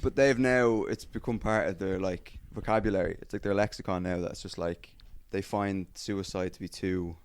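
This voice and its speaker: A man's voice: low voice, steady tone, normal speed, hardly any pauses, clean tone. A young man hosting a podcast, joking crudely and hedging with fillers in casual chat. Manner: crude jokey banter, hesitant fillers. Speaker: podcast host.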